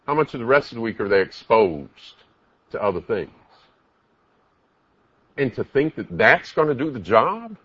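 A man's voice: medium pitch, husky, no echo, muffled recording. A man preaching a sermon, emphatic, asking the congregation many rhetorical questions.

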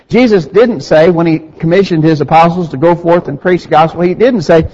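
A man's voice: on the high side, normal speed, few pauses, darkish tone. Preacher man in an echoing hall. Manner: rhetorical questions, rising emphasis, reads scripture aloud. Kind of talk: sermon. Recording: dull sound with long reverb in a hall.

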